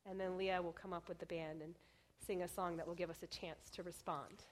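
A young woman preaching a sermon in an earnest way, often dropping to a hush on key phrases. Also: fairly low pitch, little pitch movement, a little fast, slight background noise. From Oregon, United States. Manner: earnest, softening to near whispers on key phrases.

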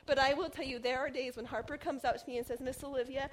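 A young woman preaching a sermon in an earnest way, often dropping to a hush on key phrases. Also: sits high, fairly even intonation, fast. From Oregon, United States. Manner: earnest, softening to near whispers on key phrases.

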